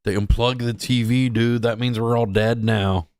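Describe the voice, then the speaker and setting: A man's voice: medium pitch, fairly even intonation, moderate pace, heavy background noise. A man hosting a livestream, reacting to clips in a casual, mocking, offhand way and talking to his chat. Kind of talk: casual crude reaction commentary.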